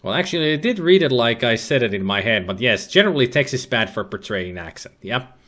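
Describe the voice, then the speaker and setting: A man's voice: medium pitch, expressive, fairly quick, bright, forceful tone. A man commentating a retro adventure game, reading its text aloud with dry, sarcastic jokes. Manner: dry, jokey, sarcastic asides. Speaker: let's play commentator.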